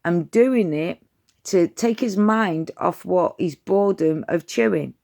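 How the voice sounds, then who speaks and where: A woman's voice: lowish voice, takes it slowly, creaky, darkish tone. A woman, giving dog training advice in a chatty, direct vlog style. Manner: chatty, direct, addresses viewers as "you lot".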